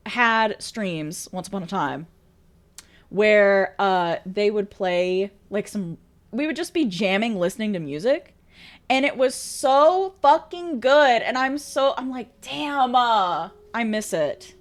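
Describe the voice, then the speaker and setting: A woman's voice: medium pitch, big pitch swings, slow pace. A woman streamer chatting casually with viewers, bubbly, laughing often and swearing freely. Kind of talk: casual chat reading viewer messages.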